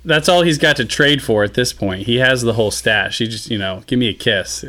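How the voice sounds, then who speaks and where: A man co-hosts a relaxed podcast discussion in an ordinary mid-pitched voice. He thinks out loud, leaning on fillers as he works toward his point. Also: brisk. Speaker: podcast co-host. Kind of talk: casual discussion.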